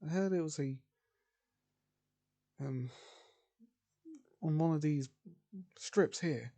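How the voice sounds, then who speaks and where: A man's voice: a little high, takes it slowly, mellow, voice pushed up. A man putting on a shy, polite young woman. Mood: polite, unsure.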